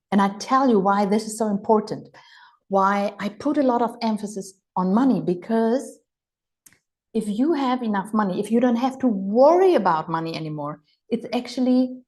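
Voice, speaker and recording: A woman who mentors people on healing and money runs a live online coaching session, upbeat, playful, and exclamatory, even acting out gushing voices. Her first language is German, and her voice is mid-range with a darkish tone.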